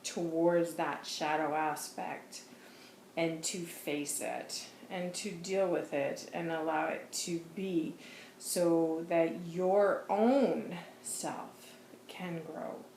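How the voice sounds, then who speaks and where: Stern male spirit, put on by a woman, slow admonishing delivery, lowish register. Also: darkish tone, a little hiss or hum. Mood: solemn. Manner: slow, solemn admonishing speech. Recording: roomy echo.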